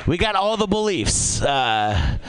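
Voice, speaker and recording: A man performing a stand-up comedy set on a club stage, with an animated delivery that jumps suddenly up high. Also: slow pace, rough recording.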